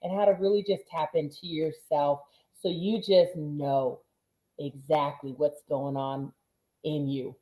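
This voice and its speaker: A woman fitness coach talking in a casual group chat, energetic and emotional, with tough-coach enthusiasm. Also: sits low, unhurried, roomy sound, low-quality recording.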